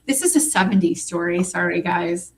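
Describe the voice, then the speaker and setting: A woman with a Midwestern American accent co-hosting a podcast in casual chat, talking in a chatty, animated way with many fillers. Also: on the low side, moderate pace, gravelly, a little hiss or hum. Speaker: podcast co-host.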